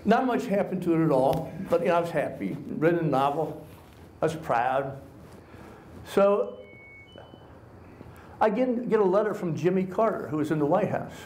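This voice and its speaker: Male author, wry storyteller at a podium, fairly high voice, roomy hall sound. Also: darkish tone, slight background noise. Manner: wry, self-mocking anecdotes. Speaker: author and guest speaker. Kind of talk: humorous storytelling talk to an audience. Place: college lecture hall with an audience.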